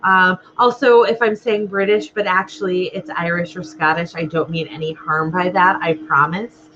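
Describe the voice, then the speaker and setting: A woman's voice: lowish voice, steady tone, moderate pace, muffled recording, background noise. A woman rambling and chatting to herself as she plays through a game. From United States. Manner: rambling and chatty, talks to herself while playing. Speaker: gamer playing through a game. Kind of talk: let's play commentary.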